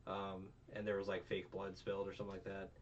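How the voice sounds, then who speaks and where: This young podcast host talks fast in a low, monotone voice while reviewing anime casually, rambling and swearing as he replays scenes. The recording is muffled and distant, with a faint hum underneath.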